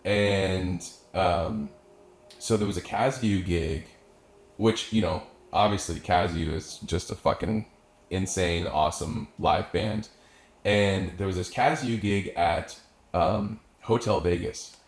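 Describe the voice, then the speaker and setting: Low-pitched and slow, a young adult man who's a musician guest from around Austin tells a long story in casual conversation. He rambles, curses often, and uses plenty of filler words, recorded in an echoey room with faint ambience behind him.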